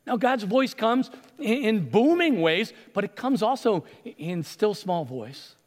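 A man preaching a sermon, retelling stories with animated delivery and acted-out voices. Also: sits high, slow, big-room sound. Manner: animated storytelling, acts out voices. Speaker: pastor.

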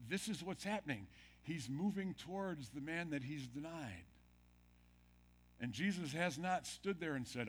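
A man in mid pitch delivers a sermon as a pastor. His preaching is dramatic, sinking to quiet, drawn-out lines before climbing to loud, emphatic peaks. He puts questions straight to the congregation. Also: expressive, a little hiss or hum. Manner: dramatic, drops to near-whispers then builds loud.

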